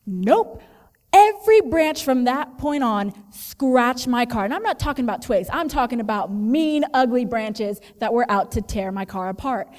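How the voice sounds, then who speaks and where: A woman telling a personal faith testimony in an earnest, emotional way, moving between hushed moments and lively ones. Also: on the high side, moderate pace, in a large hall. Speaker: storyteller sharing a faith testimony.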